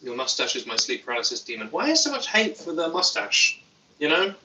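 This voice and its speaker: A man's voice: a little high, very animated, fairly quick, sharp tone, reverberant, recorded from a distance, slight background noise, rough recording. A young British man hosting a casual livestream, reading chat aloud with dry, self-mocking humor. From Britain. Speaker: YouTube host. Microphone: phone.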